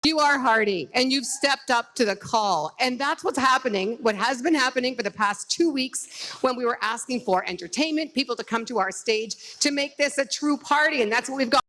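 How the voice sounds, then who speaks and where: A woman's voice: high voice, expressive, moderate pace, pushed and bright. A woman emceeing an outdoor rally stage, upbeat and chatty as she hypes the crowd and introduces acts.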